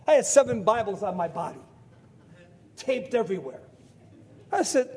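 A man in his sixties preaching a sermon, telling stories in an animated way and shouting for emphasis, with a husky voice. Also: high voice, moderate pace, pauses often. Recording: echoey hall.

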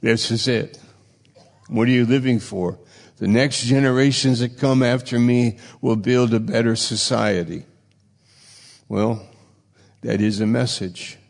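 Gravelly man preaching in an echoing hall. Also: mid-range voice, fairly even intonation, measured pace, pauses often. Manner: emphatic, repeats phrases, rising and dropping loudness. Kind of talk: sermon. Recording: long reverb in a large hall.

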